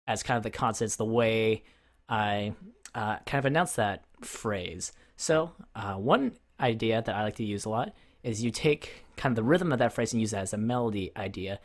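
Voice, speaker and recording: A man's voice: mid-range voice, moderate pace. Laid-back man explaining melody tricks. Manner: relaxed, rambling, many fillers, hums rhythms aloud. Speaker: music producer teaching. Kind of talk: casual tutorial talk.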